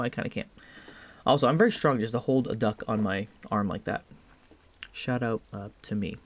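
A man giving playful, chatty let's play commentary as a gaming YouTuber. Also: a little high. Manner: playful, chatty, laughs often.

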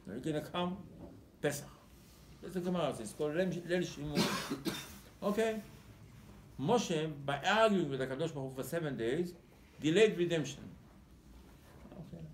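A man's voice: fairly high pitch, animated, normal speed, pauses often, slight background noise. A man, a rabbi giving a Torah sermon, telling the story animatedly and acting out the dialogue, often repeating words as he searches for his phrasing. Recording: roomy echo, faint background ambience.

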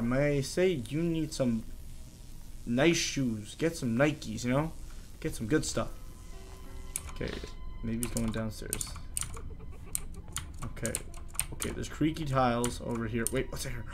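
A man doing horror game commentary, jittery, chattering to himself and quick to panic. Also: mid-range voice, slight background noise. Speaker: gaming YouTuber.

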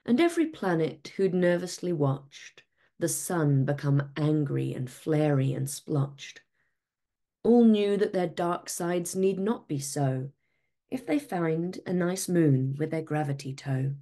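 A woman narrating a rhyming picture book aloud in a measured, expressive storyteller's delivery. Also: sits low.

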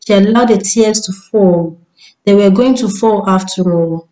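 A woman storyteller giving a measured, descriptive scripted narration. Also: mid-range voice, dark tone, poor audio.

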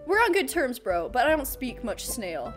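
A woman's voice: high voice, very animated, moderate pace, soft background music. A woman voicing a laid-back male snail dude in a video game who talks in an easygoing, slangy way.

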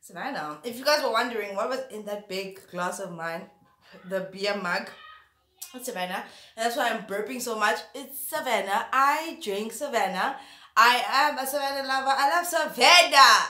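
A woman's voice: fairly high pitch, moderate pace, bright, forceful tone, roomy sound. A woman chatting theatrically while eating spicy food, sometimes talking with her mouth full. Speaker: YouTuber. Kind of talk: casual eating vlog chat.

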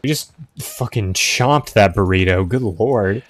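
A man's voice: fairly low pitch, measured pace, no room sound. A man giving casual gameplay commentary as a streamer, chatty and easily impressed as he muses aloud.

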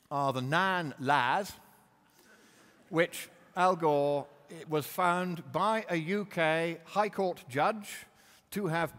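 Man, lecture with slides, combative, mocking, fairly high voice, long hall reverb. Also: fairly bright tone. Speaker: public speaker.

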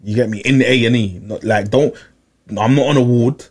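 A young man, telling a long personal story in casual chat, animated and repeating himself, full of slang. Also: mid-range voice, a little fast, husky. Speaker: podcast regular.

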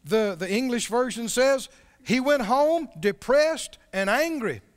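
A man with a very high voice preaches a sermon, asking his listeners questions as he reads aloud. His voice rings with the long reverb of a church hall. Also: animated, a little slow. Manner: conversational preaching, asks the congregation questions. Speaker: pastor.

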